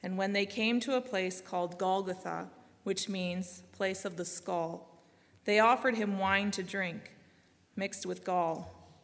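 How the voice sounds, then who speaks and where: A woman giving a solemn, measured scripture reading, slowing and softening at grave lines. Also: mid-range voice, steady tone, long reverb tail. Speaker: scripture reader.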